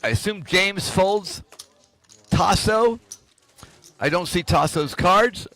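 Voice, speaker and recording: High, bright-voiced man calling poker play. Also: slow pace. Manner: lively, explanatory, talks straight to viewers. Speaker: poker tournament commentator. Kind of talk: live play-by-play commentary.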